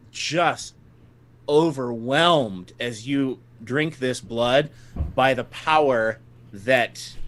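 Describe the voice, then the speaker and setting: A man's voice: mid-range voice, a bit bright. A man running a tabletop game as game master, narrating the scene to his players and laughing often.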